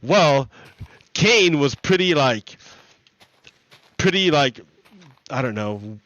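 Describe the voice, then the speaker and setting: A man with a slightly high voice who streams and retells stories slowly, with many restarts and casual swearing. His delivery is rambling. The recording is dry and a little dull. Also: animated, a bit bright, no room sound. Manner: rambling, profane, self-correcting.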